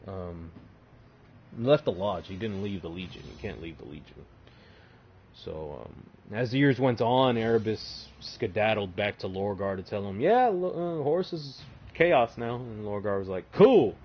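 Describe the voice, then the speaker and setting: A man's voice: lowish voice, moderate pace, slight background noise. Male streamer, casual lore retelling, profane, lots of fillers, slightly muffled mic.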